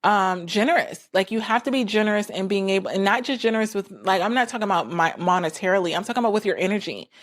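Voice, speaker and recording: A woman's voice: mid-range voice, lively intonation, fast talker, hardly any pauses. A woman talking casually on her own, full of "like" fillers, who acts out what other people said. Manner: chatty, frequent "like" fillers, acts out quoted people. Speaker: podcast host. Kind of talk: casual solo talk.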